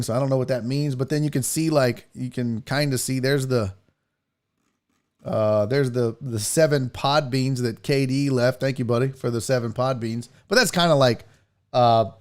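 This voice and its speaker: A man hosting a live podcast in a casual, rambling way, joking and swearing as he goes. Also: mid-range voice. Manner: rambling, jokey and profane. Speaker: podcast host.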